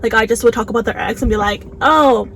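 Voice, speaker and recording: A young woman vlogger chatting casually while eating, animated and full of "like"s, recorded on a phone in a car. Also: a little high, racing, low-quality recording. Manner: chatty, animated, many "like"s, acts out quotes. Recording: faint background noise, phone recording.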